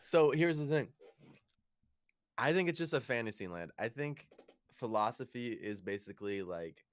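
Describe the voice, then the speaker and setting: A man's voice: medium pitch, expressive, moderate pace, smooth, no echo. A man co-hosting a casual comedy podcast, talking in a laid-back way and saying "dude" and "like" a lot. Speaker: podcast co-host. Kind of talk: casual chat.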